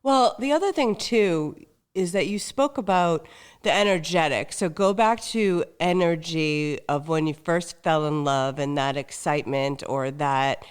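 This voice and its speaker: A woman's voice: deep voice, a little slow, clear, resonant tone. A woman hosting a dating podcast, enthusiastic and affirming toward her guest. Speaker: podcast host. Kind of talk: podcast interview.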